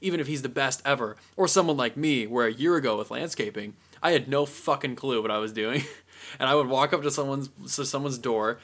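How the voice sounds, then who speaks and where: A young man talking casually as a podcast co-host, animated and acting out little scenes in quick voices. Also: medium pitch. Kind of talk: casual chat.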